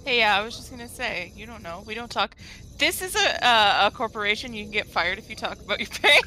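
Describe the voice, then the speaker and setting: A woman's voice: on the high side, lively intonation, brisk, soft background music, rough recording. A woman playing a tabletop game, sarcastic and exasperated with the others. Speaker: player. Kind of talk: casual tabletop play. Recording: loud background hiss.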